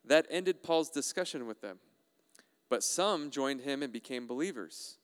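A male pastor preaches with a smooth, resonant voice that rings out with a long hall reverb. His manner is animated and playful, and he keeps putting questions to his listeners. His pitch sits in a middle range for a man. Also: measured pace. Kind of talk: sermon.

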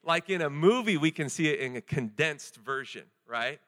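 A young man preaching a sermon in a casual, joking and animated way, with many fillers. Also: fairly high pitch, moderate pace.

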